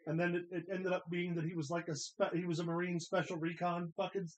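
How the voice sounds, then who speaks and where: A man co-hosting a wrestling watch-along, talking in casual banter, excitable, swearing often and laughing a lot. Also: sits high, fast, low-quality recording.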